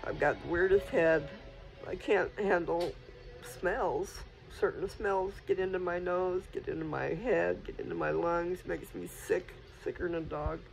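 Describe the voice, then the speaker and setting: A man's voice: high voice, fairly even intonation, measured pace, vocal fry, faint music behind, poor audio. A man vlogging casually at home, talking in a scattered, rambling way straight to his viewers as he walks between rooms. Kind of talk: casual rambling vlog talk.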